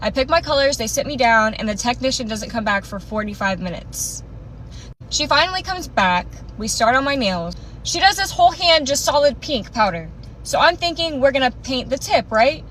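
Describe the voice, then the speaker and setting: Young woman, high-pitched, sarcastic, dramatic rant, faint traffic hum. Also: animated, normal speed, fairly bright tone, low-quality recording. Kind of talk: storytime rant.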